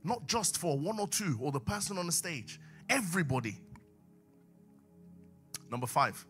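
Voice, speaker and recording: A man's voice: very animated, normal speed, long pauses, fairly bright tone, soft background music. Emphatic male preacher. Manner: emphatic, swings from low asides to raised exhortation. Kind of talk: sermon.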